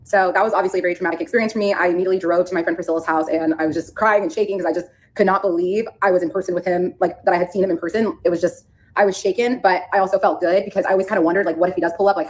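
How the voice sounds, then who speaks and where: A woman telling a personal story in a fast, animated, chatty way. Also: on the low side, poor audio.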